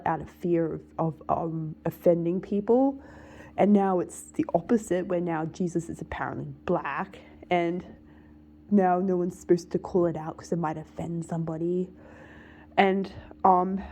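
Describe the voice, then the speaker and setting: Gravelly low-voiced woman rambling casually. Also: warm tone. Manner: rambling, full of "like" fillers, emphatic. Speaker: vlogger. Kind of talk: casual monologue to camera.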